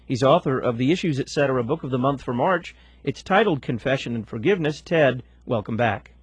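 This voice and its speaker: A man hosting a radio talk show, announcing upcoming segments and interviewing a guest in a smooth, practiced way. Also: medium pitch, lively intonation, brisk, no room sound.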